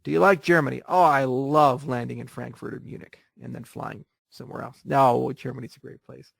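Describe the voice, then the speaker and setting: A man's voice: mid-range voice, steady tone, brisk, gravelly, a bit bright, no echo, studio quality. A man hosting a casual question-and-answer session, answering viewer questions bluntly and with jokes. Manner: blunt, joking, profane. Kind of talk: casual livestream Q&A.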